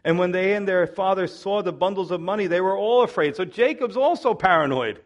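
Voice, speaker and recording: A male pastor teaching verse by verse through a Bible passage, with an animated manner and playful asides that act out the characters' lines. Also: high-pitched, fairly quick.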